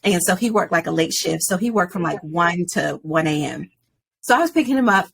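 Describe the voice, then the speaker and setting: A woman in her forties, a podcast guest, telling a personal story in an animated way. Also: lowish voice, brisk, vocal fry, husky. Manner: animated storyteller, acts out quoted voices.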